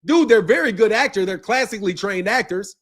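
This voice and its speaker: Laughing, high-pitched man ranting. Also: expressive, a little fast. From United States. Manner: loud, profane, laughs often between lines. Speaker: boxing commentary channel host. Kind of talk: ranting commentary.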